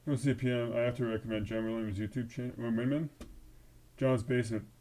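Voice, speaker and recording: A man's voice: medium pitch, fairly even intonation, brisk, mellow. A man hosting a casual live coding stream, thinking aloud with fillers and restarts. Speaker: livestream host.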